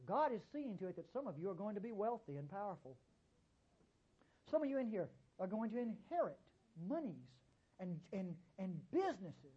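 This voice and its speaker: A man preaching a sermon, emphatic and often repeating "listen to me," with sudden jumps in pitch and loudness. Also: breathy edge, lo-fi sound.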